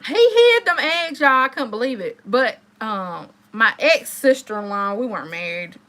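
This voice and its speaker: Woman in her thirties, live-stream host, bright and somewhat high voice, chatty storyteller talking straight to her viewers. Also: moderate pace. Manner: animated, chatty, addresses viewers directly.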